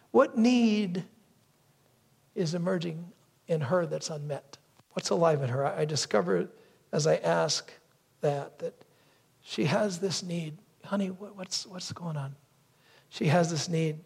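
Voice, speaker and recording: A man preaching a sermon with a gravelly, slightly husky voice pitched a little high. He tells stories from his own life, dropping into other voices now and then. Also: unhurried, a little mellow. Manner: storytelling, acts out wife's lines and crow caws. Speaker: pastor.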